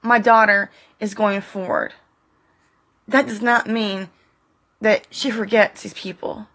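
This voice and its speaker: A middle-aged woman vlogging straight to camera, tearful, pleading and defiant, speaking in short halting fragments. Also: medium pitch, steady tone, fairly bright tone. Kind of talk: emotional direct-to-camera monologue.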